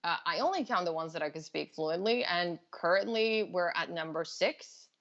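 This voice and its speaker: A woman in her twenties, a native Serbian speaker, chatting as a guest in a relaxed, matter-of-fact way. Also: on the low side, normal speed. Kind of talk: casual chat. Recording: dull lo-fi audio.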